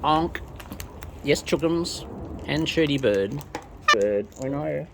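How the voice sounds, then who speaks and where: This woman has a low, gravelly voice that is slow yet animated. She is outdoors filming and feeding wild birds, coaxing them affectionately with sing-song baby talk amid background noise.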